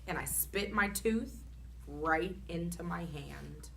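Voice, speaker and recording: A woman reading a children's chapter book aloud in an expressive, animated storytelling manner. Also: fairly low pitch, slow pace, gravelly, background noise.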